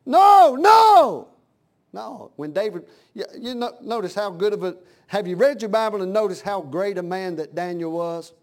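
A man preaching a sermon in a fervent, folksy way that swells from plain talk into loud, impassioned cries. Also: sits high, a little fast, hardly any pauses.

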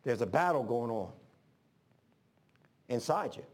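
A man preacher telling a sermon story, emphatic and swinging between loud and hushed. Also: mid-range voice, animated, unhurried.

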